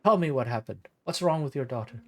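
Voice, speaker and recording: A man's voice: mid-range voice, expressive, fast. A man playing a tender gnome adventurer. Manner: quiet and tender.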